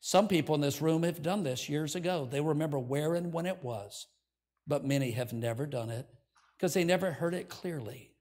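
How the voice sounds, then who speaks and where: A man's voice: fairly high pitch, normal speed, a little mellow. Older male pastor giving an altar call. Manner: earnest, leads prayer, coaxing invitation. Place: church sanctuary.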